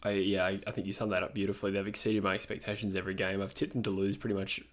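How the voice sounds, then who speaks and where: A man's voice: sits low, level tone, very fast. A young Australian man hosting a live stream, chatting casually and answering his viewers' messages.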